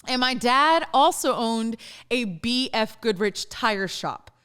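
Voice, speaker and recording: A woman's voice: fairly high pitch, expressive, slow pace, a bit bright, smooth. A woman from northern Louisiana with a Louisiana accent hosts her own show in a studio. She talks in a chatty, self-deprecating way and laughs often. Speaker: podcast host. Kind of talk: casual monologue.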